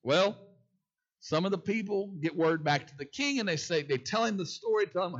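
A man's voice: high voice, big pitch swings, brisk. A man preaching a sermon who repeats key phrases and asks the congregation questions, in a dull lo-fi recording. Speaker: pastor.

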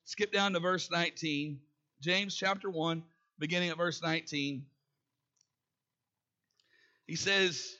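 A man preaches to his congregation, often pausing to ask them questions. His voice sits high and sounds bright and forceful. The recording is muffled and lo-fi. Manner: calls out to the congregation with call-and-response questions. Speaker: pastor. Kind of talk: sermon.

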